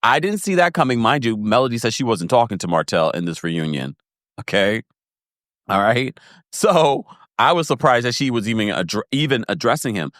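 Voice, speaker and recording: A man giving a casual, animated recap of a reality show, laughing often and acting out quotes in a higher voice. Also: moderate pace, no echo, studio quality. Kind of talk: casual commentary.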